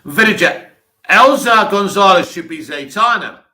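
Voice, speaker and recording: A man's voice: high-pitched, animated, unhurried, pushed and bright. A man with an English accent, hosting a live stream, reading viewer comments aloud and answering them with blunt, dismissive opinions.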